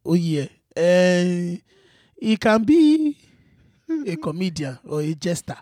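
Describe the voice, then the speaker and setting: A man's voice: high voice, sing-song, dark tone, dry recording, heavily acted. A man putting on a preachy Yoruba-accented man who drags out "eh" and lectures on working hard. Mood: lecturing. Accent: Yoruba-accented English. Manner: drawn-out "eh" fillers, mixes in Yoruba phrases, lecturing. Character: exaggerated Yoruba man giving advice, preachy, drawling.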